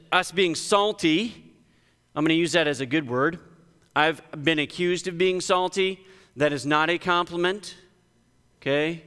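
A man's voice: sharp tone, smooth, long reverb tail. A male pastor preaching a sermon in a conversational but emphatic way, lifting his voice to stress key points, in a church sanctuary. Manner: emphatic, conversational preaching with sudden lifts in pitch.

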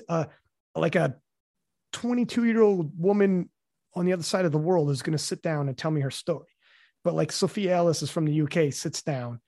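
A man's voice: on the high side, darkish tone, no echo, studio quality. A man hosting a podcast, talking in a rambling, casual way with lots of restarts, fillers and swearing. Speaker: podcast host.

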